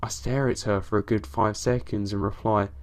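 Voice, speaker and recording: A man narrating a horror story in a steady, low-key way, with casual swearing. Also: moderate pace.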